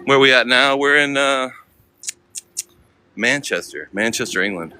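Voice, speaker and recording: A man's voice: mid-range voice, animated, a little slow, sharp tone, slight background noise. An American man live-streaming as he walks city streets, chatting casually with viewers in slang. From United States. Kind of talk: walking live-stream vlog.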